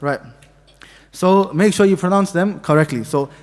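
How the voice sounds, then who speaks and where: A man's voice: high voice, moderate pace. A man teaching a mosque class, patiently sounding out letters for students to repeat. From Pakistani heritage. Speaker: tajweed teacher. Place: mosque hall. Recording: long hall reverb.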